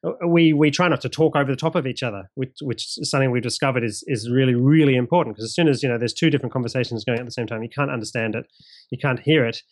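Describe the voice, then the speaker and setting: A man's voice: mid-range voice, racing, no echo. An Australian man who runs a streamed tabletop game, talking casually in an interview, often repeating words as he starts sentences. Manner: chatty, repeats words at starts, laughs easily.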